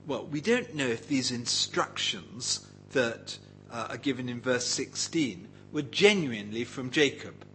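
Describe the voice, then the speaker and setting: A man's voice: medium pitch, lively intonation, measured pace, sharp tone, a little hiss or hum, low-quality recording. A man preaching a Bible teaching sermon in an engaging way, often putting questions to his listeners.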